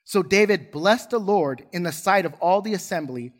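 A man's voice: high voice, lively intonation, normal speed. A male pastor preaching a sermon in church, earnest and acting out quoted voices. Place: church sanctuary.

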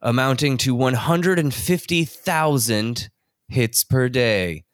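A man's voice: mid-range voice, expressive, slow pace, no room sound, studio quality. A man co-hosting a casual podcast chat, rambling through stories with fillers and laughs. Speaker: podcast co-host.

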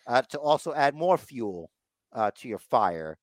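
A man's voice: medium pitch, very animated, unhurried, dry recording. A man co-hosting a podcast, recapping a wrestling show in casual chat and acting out the wrestlers' lines. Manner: acts out wrestlers' lines in mock voices. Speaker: podcast co-host.

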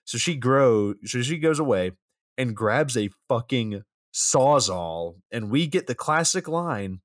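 A man's voice: mid-range voice, animated, takes it slowly, dry recording, clean studio sound. A man co-hosting a podcast, casually recapping a film's plot with easy chuckles and a loose, chatty delivery. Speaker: podcast co-host reviewing a film. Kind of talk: casual chat.

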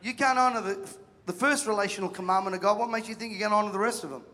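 A man's voice: high-pitched, rapid-fire. A man preaching a sermon, telling stories and acting out the voices of people in them. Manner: animated storytelling, acts out voices, jokes with the crowd. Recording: long reverb of a large hall.

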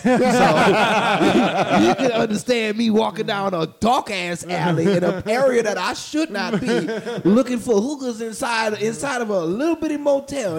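A man's voice: a little high, gravelly. A young adult man, a comedian, telling a story in casual chat and acting out the voices of the people in it. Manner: animated, acts out voices while telling stories.

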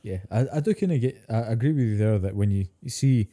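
A man co-hosting a podcast, chatting in a relaxed way, swearing casually and laughing often. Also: fairly low pitch, quick pace. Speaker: podcast co-host. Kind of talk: casual chat.

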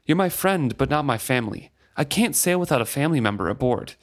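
Anxious childlike ship figurehead, read by a man, a little higher than his own voice, pleading and plain-spoken. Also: expressive, quick pace, lightly acted.

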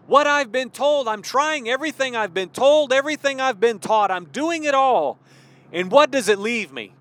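A man voicing a disillusioned male churchgoer who is giving up on his faith, in a bitter, halting way. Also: sits high, a bit bright.

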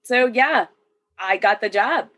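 A woman's voice: on the high side, lively intonation, unhurried, fairly bright tone. A woman in her thirties, a military veteran, talking as a guest in a casual chat and often laughing between sentences. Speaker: podcast guest.

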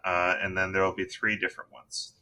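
A man hosting a casual tabletop gaming podcast, talking in a relaxed, rambling way with many fillers. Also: low voice, brisk, a little hiss or hum. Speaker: podcast host. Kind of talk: casual chat.

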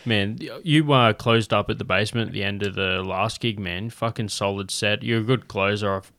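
A man's voice: on the low side, normal speed, a bit bright. A young Australian man hosting a podcast, chatting in an easygoing, rambling and sweary way. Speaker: podcast host, comedy gig organiser. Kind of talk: casual chat.

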